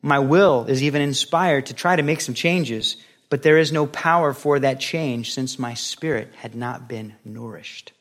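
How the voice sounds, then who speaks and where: A man's voice: medium pitch, measured pace. A male pastor giving a sermon in a conversational style, acting out quoted voices as he goes.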